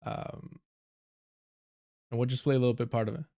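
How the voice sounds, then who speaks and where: Here a medium-pitched, dark, steady voice moves at normal speed. It belongs to a Southern Californian livestream host from the United States whose casual commentary is heavily profane and blunt, with frequent laughing asides.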